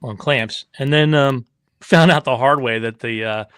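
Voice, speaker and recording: Animated, swearing man telling stories. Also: medium pitch, measured pace, smooth, no echo, clean studio sound. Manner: animated storyteller, acts out quotes, swears freely. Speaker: racing team owner and father of a rider. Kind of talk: casual podcast chat.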